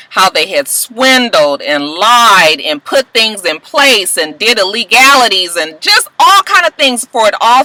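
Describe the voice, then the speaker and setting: A woman recapping a TV episode in an animated, gossipy, salty way, chatting to her viewers. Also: fairly high pitch, poor audio. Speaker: TV recap vlogger.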